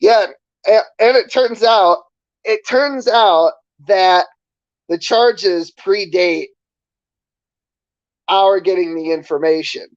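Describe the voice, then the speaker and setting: A man's voice: high-pitched, slow pace, pauses often, dry recording, lo-fi sound. A man streaming, ranting casually to his chat in a sarcastic, profane, rambling way. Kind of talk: casual livestream rant to chat.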